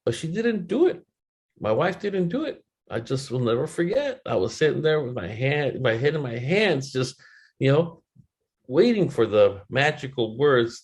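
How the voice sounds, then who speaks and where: A man's voice: medium pitch, animated, normal speed. A middle-aged man giving a motivational webinar talk, telling a candid, emotional personal story with loose swearing. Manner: quotes others in changing voices, rises and falls in loudness.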